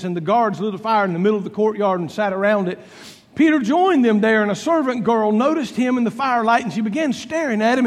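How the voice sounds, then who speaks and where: A man preaching a sermon, telling a Bible story dramatically and acting out its dialogue with swings between loud and soft. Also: very high-pitched, long reverb tail. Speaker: pastor.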